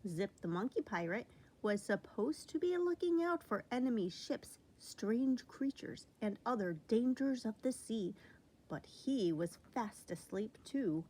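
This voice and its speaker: A woman reads a children's picture book aloud with unhurried, careful pacing. Her voice sits fairly high and she shapes each sentence expressively for young listeners. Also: breathy edge, low-quality recording. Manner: slow, expressive reading. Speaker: storybook reader.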